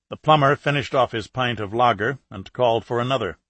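Male audiobook narrator, steady scripted delivery, husky texture, dry close sound. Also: mid-range voice, brisk, hardly any pauses, dry recording.

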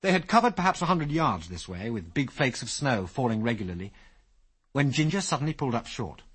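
A man narrating an adventure story as an audiobook, with lively, expressive storytelling. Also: medium pitch, fairly quick, breathy edge.

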